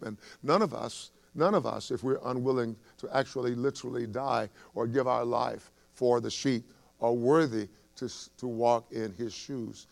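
A male pastor delivers a sermon in a gravelly, fry-tinged voice at a middling pitch. He repeats his phrases again and again. At his peaks he climbs into fervent, raised emphasis. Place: church sanctuary.

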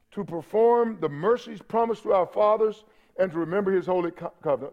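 A man's voice: sits high, moderate pace. A man preaching a sermon, reading scripture aloud and calling out fervently to his congregation. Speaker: pastor. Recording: dull lo-fi church audio.

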